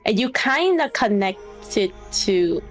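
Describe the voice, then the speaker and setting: A woman's voice: mid-range voice, sing-song, slow, faint music behind. A woman guest streamer chatting and teasing her friend in a sassy way during a game. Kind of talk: casual let's-play chat.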